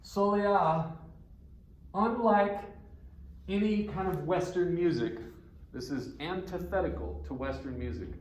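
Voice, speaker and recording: A man's voice: a little high, a little slow, darkish tone. A male guitar instructor giving a classroom lesson, counting beats aloud and explaining with questions. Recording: echoey room with faint ambient noise.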